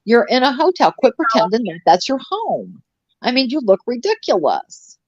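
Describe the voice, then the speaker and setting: A woman's voice: fairly high pitch, big pitch swings, normal speed, dry recording. A middle-aged woman in casual live-stream chat, rambling and sarcastic with many restarts. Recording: dull, dry lo-fi stream audio.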